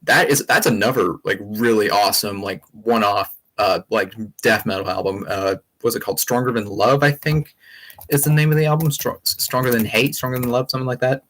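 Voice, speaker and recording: A man's voice: fairly low pitch, fairly even intonation, brisk, a bit bright. Rambling young man chatting on a livestream. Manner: rambling, enthusiastic, many fillers and restarts. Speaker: livestream host. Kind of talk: casual livestream chat.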